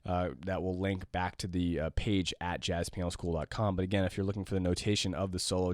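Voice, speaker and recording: Low-voiced man teaching jazz piano. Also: dry recording, studio quality. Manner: relaxed, rambling, many fillers and restarts. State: losing his voice, clearing throat. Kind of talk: casual spoken lesson.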